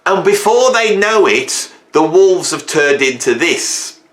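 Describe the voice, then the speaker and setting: Playful rambling guy talking to camera, bouncy pitch, echoey room. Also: lively intonation, slow pace, a bit bright. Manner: chatty, rambling, playful, jokey asides. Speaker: music video host. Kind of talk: casual chat to camera.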